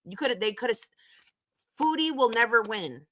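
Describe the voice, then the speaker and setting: A woman hosting a casual commentary stream, her voice bright and forceful. She talks bluntly, swears freely and gets worked up as she reacts. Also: on the high side, animated, a little fast. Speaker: commentary host.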